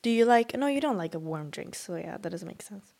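A woman's voice: medium pitch, lively intonation, a little fast, gravelly, a little mellow. A young woman from Sweden, co-hosting a casual podcast chat in an easygoing, playful way. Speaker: podcast co-host.

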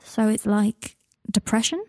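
A woman voicing a withdrawn, earnest young male wizard who speaks quietly and hesitantly. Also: mid-range voice, animated, unhurried, no room sound, clean studio sound. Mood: curious.

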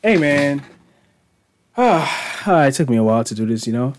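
A man's voice: mid-range voice, very animated, moderate pace. A man in his thirties hosting his own podcast alone on a studio mic, rambling and self-mocking, swearing freely. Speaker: podcast host. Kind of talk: casual solo podcast monologue.

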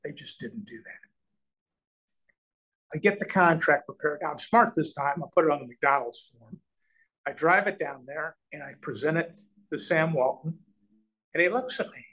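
Animated storytelling businessman, higher voice. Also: poor audio. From Nebraska, USA. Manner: animated storyteller, acts out quoted voices, frequent restarts. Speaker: real estate developer, guest. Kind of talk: conversational storytelling interview.

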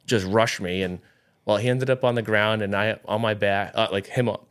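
A man's voice: on the low side, steady tone, moderate pace, fairly bright tone, clear, resonant tone. A man around forty in casual podcast chat, telling a story animatedly and acting out what others said.

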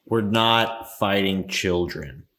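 A male player with a lowish voice and deadpan delivery. He comes across as dry and unimpressed. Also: slow.

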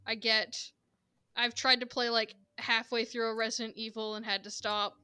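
A woman's voice: a little high, flat delivery, normal speed, pushed and bright, clean tone. A woman co-hosting a podcast in casual chat, giggly and hesitant, with many fillers and restarts. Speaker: podcast co-host.

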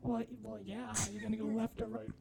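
A man using a voice changer app to play a crude, lewd woman with a pitched-up female voice. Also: completely flat delivery, fast talker, noisy background. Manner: crude, breathy moaning role-play. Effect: voice changer making a female voice.

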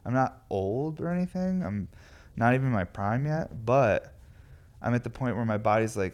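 A man in his thirties, tired and a bit raspy, rambling casually and swearing freely as he hosts a podcast from his glass studio. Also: mid-range voice, expressive, normal speed, darkish tone. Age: 30s. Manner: rambling, profane, laid-back.

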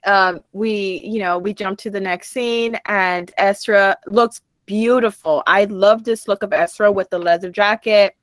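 A young woman co-hosting a podcast, telling a story in casual chat with lively acted-out dialogue and frequent laughter. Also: medium pitch, a little slow, hardly any pauses, no room sound. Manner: animated storytelling, acts out quoted dialogue, laughs often. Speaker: podcast co-host. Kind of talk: casual chat recapping a TV show.

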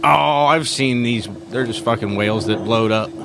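Profane, animated young man. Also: mid-range voice, moderate pace, gravelly, background noise. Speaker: podcast co-host. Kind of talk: casual chat.

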